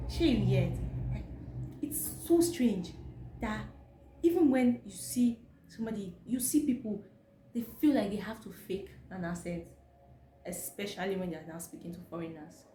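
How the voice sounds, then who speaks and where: A young woman from Edo with a Nigerian accent talks straight to camera, animated and openly exasperated. Her voice sits at a mid pitch and bounces around an echoey room. Steady background noise runs underneath. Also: normal speed. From Nigeria, Edo State. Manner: animated, exasperated, mocking asides. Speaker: vlogger. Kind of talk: casual commentary to camera.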